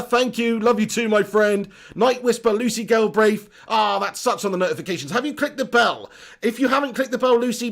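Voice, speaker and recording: A man's voice: sits high, vocal fry. A man hosting a live football fan stream, chatty and upbeat, often laughing as he reads out viewer comments. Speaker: football channel host.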